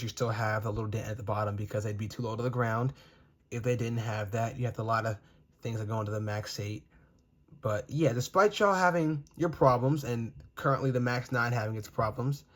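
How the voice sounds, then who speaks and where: A young man gushing over model airplanes as he unboxes and reviews them, in a casual, rambling way. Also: lowish voice. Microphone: phone.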